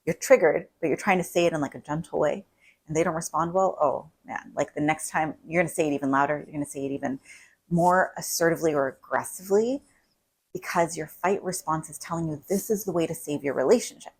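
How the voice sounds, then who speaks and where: A woman couples therapist gives casual advice to the camera in a low, husky voice, talking fast. She keeps it conversational, sprinkling in lots of "like" and tacking "right?" onto her points. The recording quality is low.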